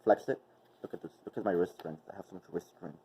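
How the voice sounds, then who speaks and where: A man's voice: deep voice, fast, gravelly, dark tone. A man teaching a movement class in a casual, rambling way, with many fillers. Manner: rambling, filler-heavy, chatty. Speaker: movement and wellness instructor. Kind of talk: casual instructional vlog. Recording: dull, distant mic.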